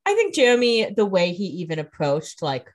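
Lower-voiced woman chatting on a podcast. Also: wildly swooping pitch, moderate pace. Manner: chatty, jumps in with jokes and opinions. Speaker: podcast co-host. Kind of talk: casual chat.

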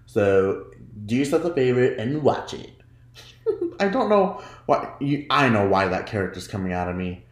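A man hosting his own podcast in casual solo chat, chatty and giggly, often jumping into high mock voices when he quotes himself. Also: roomy sound. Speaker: podcast host.

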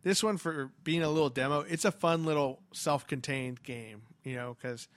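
A man's voice: a little high, moderate pace, fairly bright tone, no echo. Laughing, swearing man on a podcast. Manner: laughs often, swears, acts out scared reactions. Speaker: podcast co-host. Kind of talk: casual chat.

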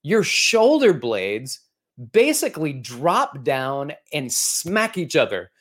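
A man's voice: a little high, huge pitch swings, takes it slowly, a bit bright, full character voice. A man voicing a surprised male gym trainer in a quoted story, exclaiming in disbelief. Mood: explaining. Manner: exclaiming, incredulous.

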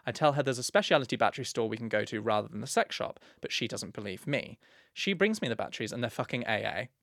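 A man's voice: mid-range voice, lively intonation, fast talker, gravelly, a bit bright, no room sound, clean studio sound. A young man co-hosting a podcast, reading listener letters in a camp, playful way. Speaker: podcast co-host.

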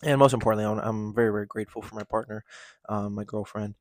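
A man's voice: fairly low pitch, fairly even intonation, quick pace. A man hosting his own podcast, talking candidly in a rambling solo monologue full of fillers and restarts. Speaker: podcast host.

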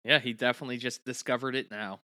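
A man co-hosts a podcast in easygoing, casual chat and laughs easily. His voice is bright and forceful. The sound is dry and close. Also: medium pitch, fairly even intonation, fast talker, no room sound. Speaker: podcast co-host.

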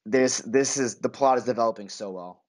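A man on a casual podcast, excitedly recapping a TV episode and acting out lines in high voices. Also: normal speed. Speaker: podcast co-host.

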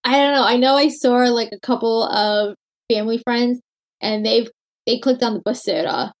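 A woman co-hosting a podcast in casual chat, reacting with quick replies and laughter. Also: fairly high pitch. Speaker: podcast co-host.

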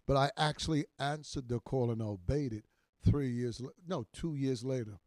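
A man in his sixties, a minister teaching in a podcast sermon, emphatic and repetitive, his voice swelling loud on key words. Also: medium pitch, moderate pace, no echo. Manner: repeats phrases for emphasis.

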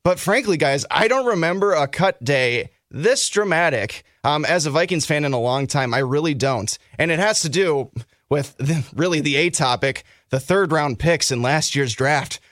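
Excitable man co-hosting a sports podcast. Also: fairly high pitch, moderate pace, no echo, studio quality. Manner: excitable, rambling opinions, bursts of flustered apology. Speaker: podcast co-host.

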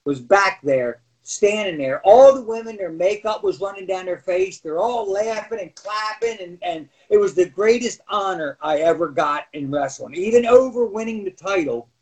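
A man's voice: sits high, moderate pace, few pauses. A middle-aged man, a former wrestler, telling backstage stories in casual chat and acting out what people said. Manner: animated, acts out quotes, laughs often. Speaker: podcast guest, former wrestler. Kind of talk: casual storytelling.

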